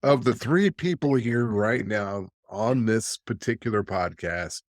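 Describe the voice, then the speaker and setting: A man's voice: lowish voice, a little slow, no echo. A man co-hosting a casual podcast chat, joking and self-deprecating. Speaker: podcast co-host.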